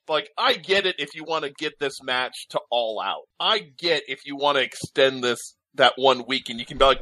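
A man chatting excitedly about wrestling on a podcast, giving exasperated opinions. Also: a little high, moderate pace, no echo, low-quality recording. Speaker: podcast co-host. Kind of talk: casual wrestling chat.

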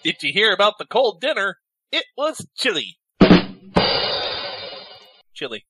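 A man telling corny jokes in casual banter, playful and quick to swear. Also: high-pitched, huge pitch swings, loud music behind the voice.

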